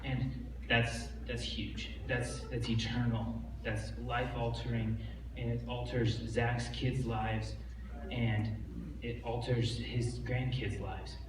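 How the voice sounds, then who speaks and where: A man giving an off-the-cuff tribute to his father at an open mic, talking quickly and rambling a little. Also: medium pitch, level tone. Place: large church hall, live event. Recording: echoey hall, distant mic, noisy.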